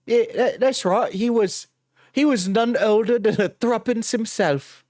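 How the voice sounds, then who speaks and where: A man's voice: high voice, measured pace, a little mellow, dry recording, studio quality, pitched above the performer's own voice. A man putting on a British accent to play a rowdy male predator catcher, raising his voice and stammering through lines. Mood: scolding. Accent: British, put on.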